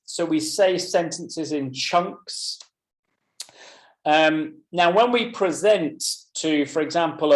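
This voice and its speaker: Man explaining in an echoey room. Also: fairly high pitch. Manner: explanatory, addresses attendees by name. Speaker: teacher trainer presenting a webinar. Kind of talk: webinar lecture.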